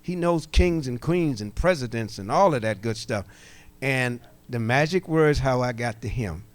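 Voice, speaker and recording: A middle-aged man from coastal Georgia with a Gullah Geechee Southern accent, telling folksy, animated stories in a workshop talk to a live audience. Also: mid-range voice, normal speed. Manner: animated storyteller, folksy, jokes with the room. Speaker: workshop presenter. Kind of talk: storytelling lecture to a live audience.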